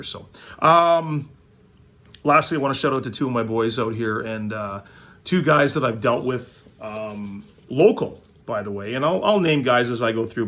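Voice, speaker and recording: A man's voice: on the low side, fairly bright tone. Blunt, swearing Canadian man ranting. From Manitoba, Canada. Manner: blunt, profane, rambling, with frequent fillers. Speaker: hockey card vlogger. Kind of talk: casual profane rant.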